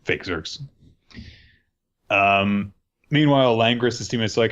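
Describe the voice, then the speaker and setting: A man's voice: lowish voice, unhurried, long pauses, fairly bright tone, muffled recording. A man co-hosting a podcast, recapping manga chapters in rambling casual chat and acting out the characters' lines. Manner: rambling, filler-heavy, acts out quotes.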